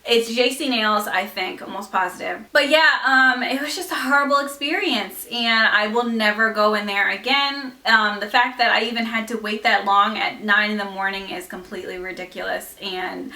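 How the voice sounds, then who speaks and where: Bright-voiced, exasperated young woman vlogger. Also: mid-range voice, normal speed, few pauses. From United States. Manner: exasperated, animated storytelling with laughs. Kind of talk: storytime vlog talking to camera.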